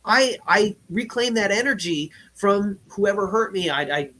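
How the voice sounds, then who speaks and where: A man who is a guest on a talk show, speaking earnestly and casually, often ending points with "right?" and getting louder and higher when he is excited. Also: measured pace. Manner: earnest, says "right?" again and again; gets loud and high when excited. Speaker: podcast guest, life coach.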